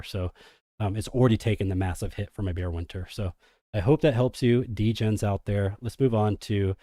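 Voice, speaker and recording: This male crypto streamer's voice sits on the low side, recorded at studio quality without echo. Full of hype and energy, he chats casually with his audience and refers to them as degens.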